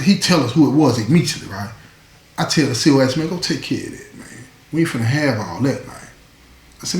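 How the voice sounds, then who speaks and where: Animated storytelling man, echoey room. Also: mid-range voice, a little fast. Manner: animated, acts out quoted voices. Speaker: host.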